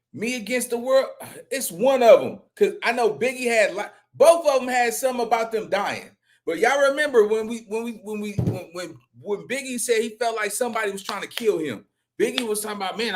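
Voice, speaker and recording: A man's voice: very high-pitched, a bit bright. A man commenting on a live stream, rambling and profane, often repeating and restarting his words. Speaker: reaction streamer.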